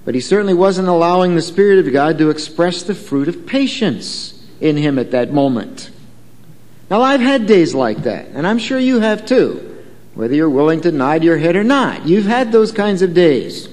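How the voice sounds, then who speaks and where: A man's voice: on the high side, very animated, normal speed, a little mellow, in a large hall. A man preaching a sermon in a conversational way, telling a story and asking the congregation questions. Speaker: pastor.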